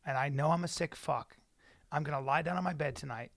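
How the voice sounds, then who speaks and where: A man's voice: a little high, a little fast, fairly bright tone. A middle-aged man co-hosting a podcast in a studio, telling crude jokes and often stammering in casual chat. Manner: crude joking, stammers and restarts. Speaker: podcast co-host.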